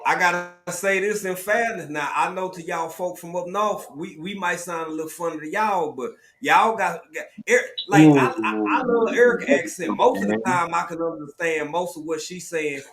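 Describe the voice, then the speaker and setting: A man's voice: high voice, moderate pace, hardly any pauses, crowd noise. A man hosting a casual livestream chat, playful and teasing, calling everyone "y'all". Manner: laid-back, playful, teasing, drawls "y'all". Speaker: host.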